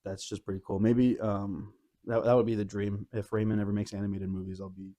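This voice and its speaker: A man co-hosting a casual podcast, telling a lively story with many fillers and frequent laughs. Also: lowish voice, brisk. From Arizona. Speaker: podcast co-host. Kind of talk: casual chat.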